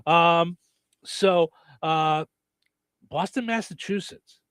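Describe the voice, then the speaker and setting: A man's voice: on the high side, takes it slowly, fairly bright tone, clear, resonant tone, dry recording. A middle-aged man hosting a radio show, rambling easily through a list with chatty asides. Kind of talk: casual radio banter.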